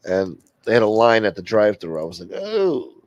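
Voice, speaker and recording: A man's voice: fairly low pitch, quick pace, no echo, muffled recording. A man hosting a casual livestream, rambling and joking as he reads out chat. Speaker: livestream host.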